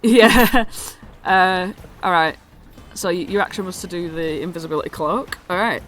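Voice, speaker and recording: A woman's voice: fairly low pitch, normal speed, fairly bright tone, soft background music. A woman acting as dungeon master, explaining the scene in a chatty way and correcting herself as she goes. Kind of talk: running a tabletop game.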